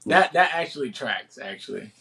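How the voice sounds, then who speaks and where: A man's voice: medium pitch, very animated, normal speed, gravelly, pushed and bright. A man co-hosting a casual podcast, joking and teasing his co-host.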